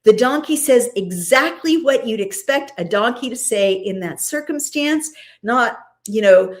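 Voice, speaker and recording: Lively woman talking through a scripture story. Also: a little high, measured pace. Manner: lively, conversational, frequent asides. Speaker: host. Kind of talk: casual scripture commentary.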